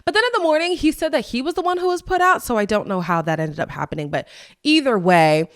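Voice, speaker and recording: A young adult woman hosting a casual recap podcast. She talks in a chatty, animated way and quotes people in playful voices. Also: on the high side, fast, smooth. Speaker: podcast host.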